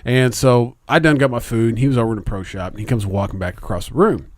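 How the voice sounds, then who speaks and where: A man's voice: mid-range voice, quick pace, dry recording, studio quality. A man, podcast co-host, telling a long story in casual chat, rambling and swearing a lot.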